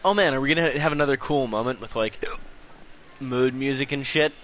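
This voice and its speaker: A young man casually commenting on a game as he streams it, joking, sarcastic and swearing freely. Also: fairly quick. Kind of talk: casual let's-play commentary. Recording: muffled low-quality stream audio with faint hiss.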